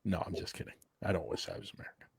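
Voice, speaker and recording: A man's voice: low voice, sing-song, rapid-fire, vocal fry, slight background noise. A man, a guest chatting casually in an easygoing, rambling way with fillers. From Canada. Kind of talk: casual chat.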